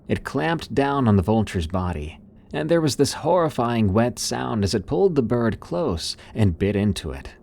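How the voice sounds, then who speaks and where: A man's voice: medium pitch, sing-song, moderate pace, vocal fry, darkish tone, a little hiss or hum. A man narrating a first-person horror story in a dramatic, suspenseful storytelling manner.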